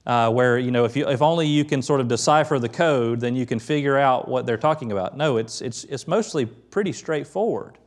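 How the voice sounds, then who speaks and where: A middle-aged pastor giving a conversational sermon, quick to lift his voice when quoting the prophets. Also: mid-range voice.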